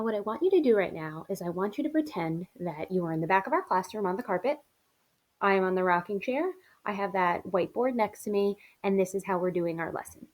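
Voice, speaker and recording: A woman teacher speaks to her young class in a friendly, encouraging way during a virtual reading lesson. Her voice sits at an ordinary middle pitch, and her tone stays patient and clear. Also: a little mellow. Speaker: elementary school teacher.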